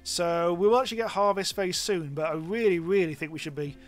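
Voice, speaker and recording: A man's voice: sits high, fast talker, soft background music. A British man giving rambling, casual commentary on a live game stream, swearing freely.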